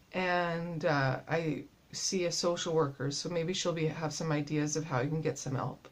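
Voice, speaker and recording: A woman in her thirties talking to the camera in a casual video diary, sounding winded and worn out, with a halting manner full of pauses and fillers. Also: lowish voice. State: winded, tired from illness. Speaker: vlogger.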